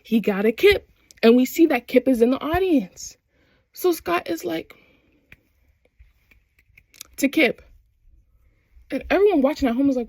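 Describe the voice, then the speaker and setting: A young woman recaps a show in a lively, slangy rush, slipping into quick impressions of the characters. Her voice sits a little high. The sound is close and dry, with no room around it. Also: no room sound. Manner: animated, slangy retelling with quoted voices. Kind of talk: casual chat.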